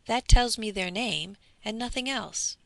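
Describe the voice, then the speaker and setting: A woman's voice: a little high, unhurried, creaky, bright, forceful tone, no echo, voice pushed up, heavily acted. A woman reading the lines of a suspicious middle-aged male banker, asking curt, probing questions.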